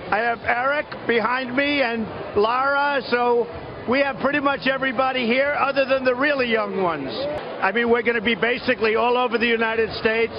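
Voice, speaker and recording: An older man, a candidate, interviewed live from an outdoor event. He talks in repetitive, boastful superlatives. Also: very high-pitched. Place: outdoor event at a private estate. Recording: dull lo-fi broadcast audio with loud crowd and street noise. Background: crowd and outdoor noise.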